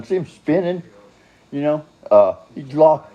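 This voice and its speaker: A man's voice: a little high, lively intonation, a little slow, highs cut off. An older man telling his own story in a rambling, casual monologue, blunt and profane, chuckling and drifting off on tangents.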